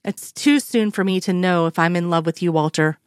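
A woman's voice: on the low side, brisk, smooth, no echo, clean studio sound, lightly acted. A woman reading the lines of a frank, strong-willed woman in a story, earnest and lifting in emphatic lines. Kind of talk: fan fiction read aloud.

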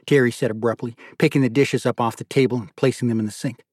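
A podcast host narrating a literary novel in a measured storytelling manner. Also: mid-range voice, fairly even intonation, darkish tone, husky, no echo, clean studio sound. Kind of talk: scripted audiobook narration.

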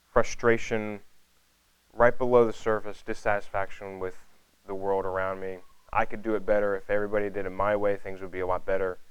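A man's voice: lowish voice, clear, resonant tone, no room sound, low-quality recording. A man preaching a conversational sermon, rambling casually with many fillers and restarts.

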